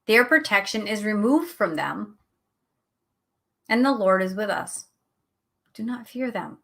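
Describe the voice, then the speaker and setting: A middle-aged woman hosting a show, teaching a Bible study in a conversational, animated way and laughing at herself now and then. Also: medium pitch, unhurried, creaky. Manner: animated, chatty, acts out quotes, laughs at herself.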